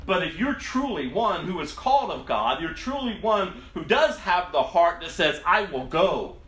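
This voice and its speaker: A man's voice: high voice, sing-song, normal speed, a bit bright. A man preaching a sermon in a dramatic, emphatic way, his voice rising and falling sharply. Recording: echoey room, distant mic.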